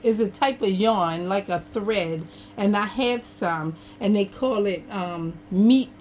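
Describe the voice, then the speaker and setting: A woman's voice: medium pitch, takes it slowly, darkish tone. A chatty woman sits at her craft table at home and talks straight to her viewers in a loose, folksy way, with her camera on an over-table tripod. A faint hum of background noise sits under her voice. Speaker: craft vlogger. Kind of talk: casual chat.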